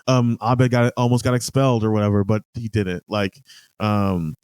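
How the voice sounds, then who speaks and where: A man with a somewhat low voice co-hosting a podcast, chatting casually and packing his talk with fillers. His sound is dry and close, with no room echo. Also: little pitch movement, normal speed, darkish tone, smooth. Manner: laughs often, filler-heavy. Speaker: podcast co-host. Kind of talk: casual chat.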